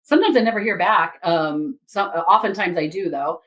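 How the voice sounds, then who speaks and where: A woman who reads Akashic Records, telling a story from a session in a casual, animated way and acting out the people in it. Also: on the low side, a little fast, rough recording. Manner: animated, quotes others and herself in lively asides.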